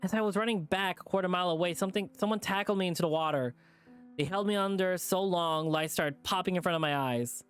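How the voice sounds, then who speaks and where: A haunted young lynx boy, stammering and halting as he breaks into sobs, read by a game streamer. His voice sits at a middling pitch, with soft music playing quietly behind. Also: clean tone, close to an everyday voice. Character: frightened young male lynx, haunted and grieving.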